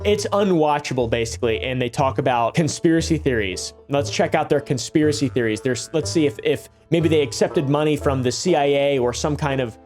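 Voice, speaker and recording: A man's voice: fairly high pitch, darkish tone. A man giving sarcastic reaction commentary on a video, with mocking, exasperated asides. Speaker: commentary YouTuber.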